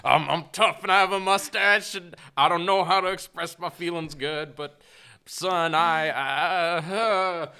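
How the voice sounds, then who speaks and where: A man putting on the voice of a gruff, sad older man who is tough and can't express his feelings, halting and stumbling over his words. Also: fairly high pitch, fairly even intonation, pushed and bright, voice pushed up. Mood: mock-gruff.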